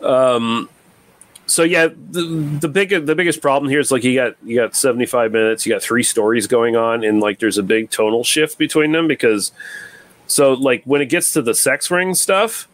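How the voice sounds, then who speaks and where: A man's voice: medium pitch, normal speed, dry recording. Man, laid-back film talk, rambling, swears, dry close sound. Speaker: podcast co-host reviewing a film. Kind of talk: casual chat.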